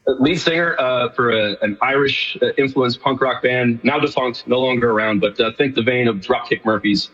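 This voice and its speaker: Middle-aged New York guy, husky, rapid and rambling, on a dull remote line. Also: mid-range voice, fairly bright tone, in a large hall. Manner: rambling, many fillers and restarts. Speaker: guest. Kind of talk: casual radio interview.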